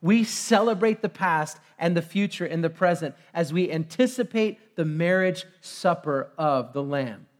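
A man preaching a sermon in a church, excitable, bursting into shouts and then pulling himself back in. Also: on the high side, unhurried, few pauses. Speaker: pastor. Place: church sanctuary.

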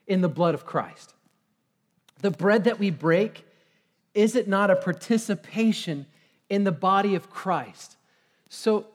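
Pastor, male, very high-pitched, excitable sermon delivery that swings from shouting to calm. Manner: excitable, bursts into shouts then reins himself in. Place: church sanctuary.

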